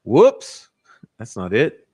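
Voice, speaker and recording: A man's voice: mid-range voice, huge pitch swings, drawn-out words, dark tone, slightly rough. A man hosting a casual livestream, ranting combatively and profanely, with frequent restarts. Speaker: livestream host.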